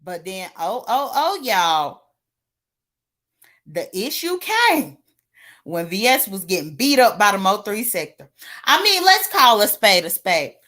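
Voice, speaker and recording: Woman, gossip vlogger, sassy, very animated delivery, bright tone. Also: medium pitch, a little slow. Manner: animated, sassy, laughing asides. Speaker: livestream commentator. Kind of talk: casual gossip commentary.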